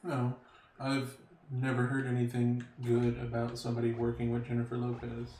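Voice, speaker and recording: A man's voice: mid-range voice, completely flat delivery, normal speed, a little mellow, a little hiss or hum. A man chiming in on a casual chat with a matter-of-fact, skeptical manner. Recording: distant, echoey room with music. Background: faint music.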